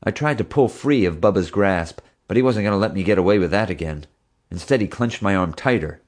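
Deep-voiced male audiobook narrator. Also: animated, brisk. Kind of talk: scripted narration.

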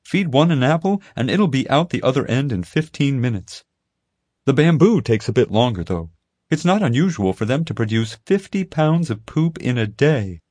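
A man's voice: mid-range voice, sing-song, moderate pace, darkish tone, dry recording, pitched above the performer's own voice. An eager young woman keeper spills fact after fact, as a male reader puts her on. Her voice swings up and down with enthusiasm. It is recorded dry and close for a storybook. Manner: eager, rattles off facts. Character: chatty lonely young female panda keeper. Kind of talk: audiobook character voice. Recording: dry close studio sound.

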